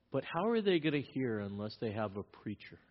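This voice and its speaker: A male pastor preaching a sermon, reading scripture aloud and pressing his points with emphatic rises in volume. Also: mid-range voice. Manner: emphatic, rising in volume when stressing points. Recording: dull lo-fi sermon recording.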